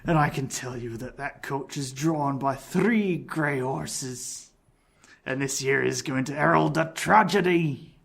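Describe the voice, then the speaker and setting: A man voicing a quiet, ominous stranger at a pub in a put-on Irish accent that slides into a pirate growl, as a podcast reading. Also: mid-range voice, slow pace, vocal fry, heavily acted.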